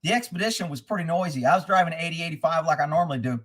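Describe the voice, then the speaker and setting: A man with a high-pitched voice hosts a livestream and launches into angry, rambling rants full of profanity. Between rants he reads out where viewers are tuning in from and what they are saying. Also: very fast, a bit bright. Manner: reads out viewer locations and comments. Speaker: livestream host. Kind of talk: ranting livestream monologue.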